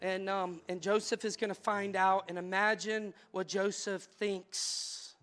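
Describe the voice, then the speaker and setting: A male pastor preaching a sermon that moves from casual storytelling to loud, fervent prayer in a packed church. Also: high voice, level tone, measured pace, soft background music. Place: church room packed with people.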